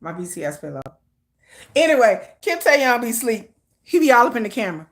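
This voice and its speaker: A woman with a brisk voice on the high side hosts a casual fan livestream. She tells stories in an animated, dramatic way, laughing a lot along the way.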